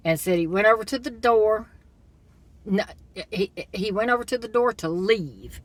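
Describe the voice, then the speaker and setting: A woman talking casually to her audience at a middle pitch. She retells what someone did in plain everyday speech, then delivers her own blunt, disapproving verdict. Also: moderate pace, dry recording. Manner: retells a story, then offers blunt, critical opinions. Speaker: commentator. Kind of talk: casual opinion monologue.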